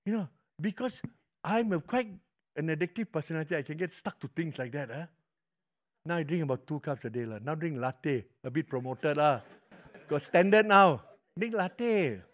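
A middle-aged man with a Malaysian English accent, preaching a sermon with animated storytelling that swings from loud to hushed. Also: a little high, normal speed. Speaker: pastor.

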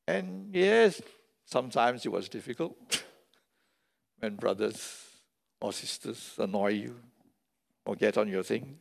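A man's voice: on the low side, lively intonation, slow, creaky, pauses often. A man preaching a sermon as pastor, emphatic and repeating key phrases for stress, recorded in a large church hall. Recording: long reverb of a large hall.

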